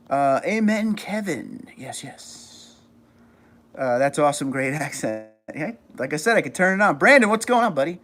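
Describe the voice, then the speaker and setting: A man's voice: medium pitch, animated, a little fast, fairly bright tone. A middle-aged man from New York with a New York accent, chatting casually on a livestream and reading viewer comments aloud. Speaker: livestream host.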